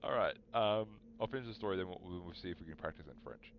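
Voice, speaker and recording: Brief: a young, very low-voiced streamer, chatty and animated, faint hiss behind. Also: male voice, fast, lo-fi sound. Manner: rambling, animated, talks to chat. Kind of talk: casual storytelling on a live stream.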